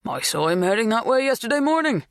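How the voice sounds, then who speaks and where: A narrator doing an apologetic booming farmer. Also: male voice, sing-song, fast talker, no echo, studio quality, exaggerated voice. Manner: booming baritone.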